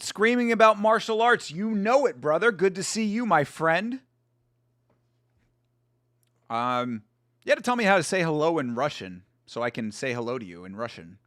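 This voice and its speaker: A man hosts a casual watch-along stream, his slightly high voice bouncing around with lively swings. He rambles through his thoughts with restarts and the odd curse word. The sound is close and dry, with no room around it. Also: no echo. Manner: rambling, with frequent restarts and swearing. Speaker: watch-along livestream host. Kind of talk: casual livestream commentary.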